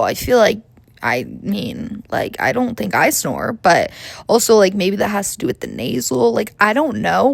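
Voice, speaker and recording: A woman's voice: medium pitch, vocal fry, no room sound. A young woman in her twenties hosting a comedic podcast, talking in a chatty, rambling, profane and self-mocking way. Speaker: podcast host. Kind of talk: comedic casual monologue.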